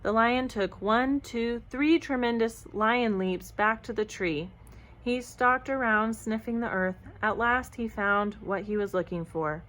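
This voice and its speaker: A woman reading a children's picture book aloud in an expressive, even-paced narration. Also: fairly high pitch, measured pace, low-quality recording. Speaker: storyteller. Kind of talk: storybook read-aloud.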